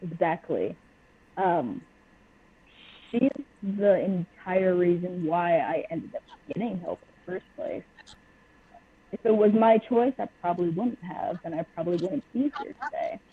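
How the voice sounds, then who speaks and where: Young woman guest, husky and frank, heard over a tinny phone-like line. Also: on the low side, unhurried. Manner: blunt and open. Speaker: podcast guest. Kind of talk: candid personal interview.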